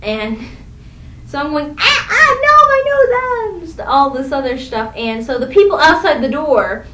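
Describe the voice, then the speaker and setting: This casual vlog features a young woman who wanders through stories about her own life, often at her own expense. It sounds like an echoey room picked up by a far-off mic, and a low rumble hums faintly in the background.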